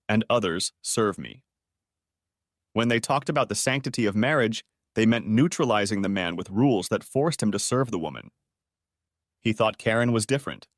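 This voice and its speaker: A man narrating a story in an even, measured audiobook reading style. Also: mid-range voice, dry recording, studio quality.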